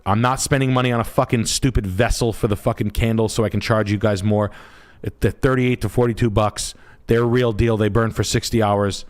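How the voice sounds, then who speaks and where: A man's voice: lowish voice, fairly even intonation, fairly quick, hardly any pauses. A man hosting a podcast, talking brashly and profanely in crude comic chat. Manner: brash, profane, puts on voices while telling stories. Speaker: podcast host.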